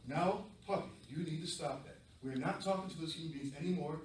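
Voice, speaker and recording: A man's voice: on the high side, brisk, a little hiss or hum, natural voice. A man doing a stern scolding mother dog. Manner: scolding, firm. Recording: echoey room from far off.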